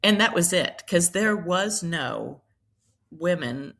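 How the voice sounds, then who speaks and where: Gravelly woman telling her story. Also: fairly low pitch, expressive, takes it slowly, a bit bright. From Charleston, South Carolina. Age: middle-aged. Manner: reflective, many ums and restarts. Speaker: priest and nurse, guest. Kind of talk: personal storytelling in a podcast interview.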